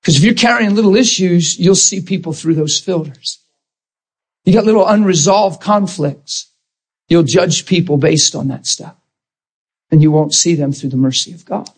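A man preaching a sermon with passion, emphatic and at times shouting, close to tears. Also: high voice, moderate pace, slightly rough. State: tearful.

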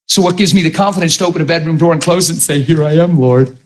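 A middle-aged man preaching a sermon, telling stories with animated emphasis. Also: on the high side, very fast. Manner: animated, rises to near-shouting when retelling a story. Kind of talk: sermon storytelling.

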